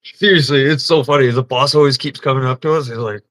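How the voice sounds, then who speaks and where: A man spins crude, lively anecdotes on his livestream, often cracking himself up. His voice has a sharp, bright edge that cuts through his casual chatter. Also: mid-range voice, fast. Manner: crude, animated storytelling, laughing often. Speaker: livestream host.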